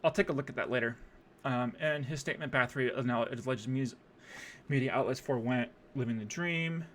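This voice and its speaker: A man's voice: mid-range voice, brisk, a bit bright. A young man streaming, rambling through casual profane commentary on a music video with lots of fillers.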